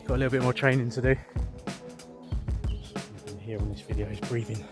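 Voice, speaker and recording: A breathless man talks to his handheld camera while climbing a hillside trail outdoors. His chat is rambling and self-deprecating, and music plays clearly underneath him. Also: mid-range voice, steady tone, brisk. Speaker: vlogger. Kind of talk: casual vlog talk to camera.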